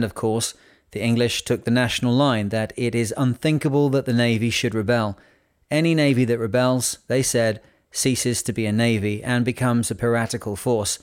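A man narrating a novel in a measured, unhurried reading voice. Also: medium pitch. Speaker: audiobook narrator. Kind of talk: scripted narration.

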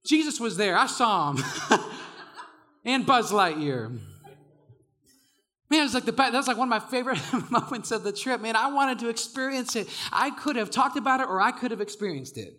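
A young male preacher with a high-pitched voice and a bright, forceful edge. He tells casual stories to his congregation with lots of energy and frequent laughter. He shouts when he gets carried away. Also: lively intonation, normal speed. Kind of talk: sermon.

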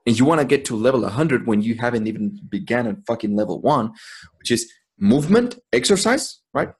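A man's voice: medium pitch, animated, fairly quick, slightly rough. A man co-hosting a podcast, talking in a profane, emphatic way and laughing often. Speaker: podcast co-host. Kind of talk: casual chat.

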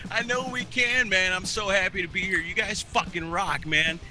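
A man's voice: sits high, sharp tone. A man from Wisconsin, a podcast guest with a polished radio-announcer delivery, laid-back and swearing freely. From Wisconsin, USA. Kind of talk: casual podcast banter.

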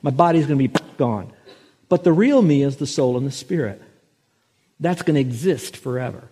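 A man pastor preaching a sermon, telling a story and slowing down to stress scripture. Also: mid-range voice, dark tone, breathy edge. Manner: storytelling, slows and swells for emphasis on scripture.

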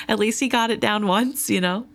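A woman's voice: mid-range voice, takes it slowly, fairly bright tone. A woman co-hosting a casual book discussion, talking things through in a thoughtful, analytical way with an occasional laugh. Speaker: book podcast co-host.

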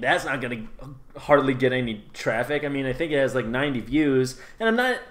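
A man with a somewhat high voice talks as a podcast guest. He chats casually and keeps repeating himself mid-sentence. He swears now and then. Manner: talkative, swears, stumbles and repeats words. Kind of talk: casual interview chat.

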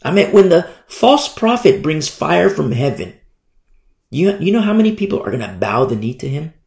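A man's voice: on the high side, big pitch swings, moderate pace, creaky, darkish tone. A man preaching a sermon, emphatic and fond of repeating phrases for effect. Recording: echoey room.

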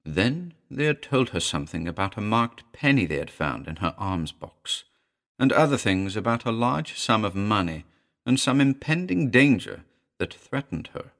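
Low-voiced man reading a suspenseful tale. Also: moderate pace, gravelly. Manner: expressive, suspenseful. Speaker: narrator. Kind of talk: dramatic audiobook reading.

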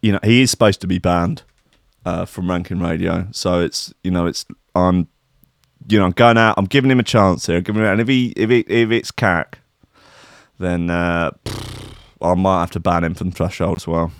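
A man's voice: sits low, fairly even intonation, moderate pace, creaky, no room sound. A man hosting a radio show in casual chat, rambling, sweary and sarcastic, on a studio mic.

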